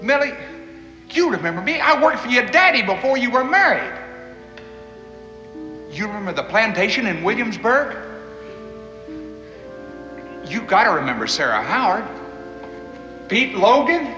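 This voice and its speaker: An actor playing a rugged, blunt frontiersman who talks in a plain-spoken, forceful way. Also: high-pitched, big pitch swings, normal speed, long pauses, over music. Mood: pleading. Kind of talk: 1960s TV western acting. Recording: echoey, dull old TV audio with score.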